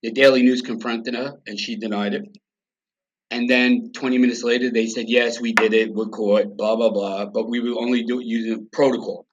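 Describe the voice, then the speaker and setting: A man's voice: mid-range voice, moderate pace, dull audio. A middle-aged man, telling stories bluntly and with swearing as a podcast guest. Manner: blunt, profane, animated storyteller. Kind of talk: casual storytelling.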